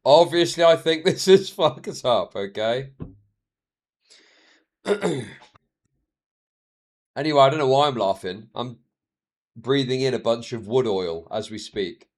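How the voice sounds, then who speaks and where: A man's voice: mid-range voice, animated, takes it slowly, long pauses. A man, streaming and reacting to a video with laughing, mocking asides.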